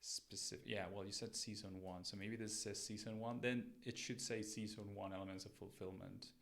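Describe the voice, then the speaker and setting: A man's voice: fairly low pitch, fairly even intonation, brisk, gravelly, a bit bright. A man hosting a show where he reviews listeners' podcasts, giving friendly and direct coaching advice in a casual way.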